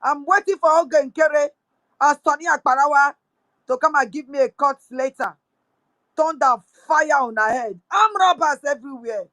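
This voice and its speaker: A woman's voice: high-pitched, moderate pace, fairly bright tone, no echo, poor audio. A woman with a Nigerian accent mixing in pidgin, angrily accusing someone in a live audio room. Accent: Nigerian English with pidgin. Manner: angry, accusing, repetitive. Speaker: speaker on a live audio space.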